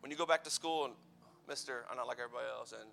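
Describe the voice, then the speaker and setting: A man's voice: medium pitch, racing, vocal fry, sharp tone. A man in his thirties giving a playful, conversational youth sermon full of personal stories. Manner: playful, conversational, teasing asides. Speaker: youth pastor.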